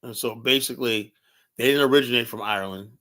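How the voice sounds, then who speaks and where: Man, show host, blunt, rambling, profane, casual monologue, mid pitch. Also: fast talker, fairly bright tone.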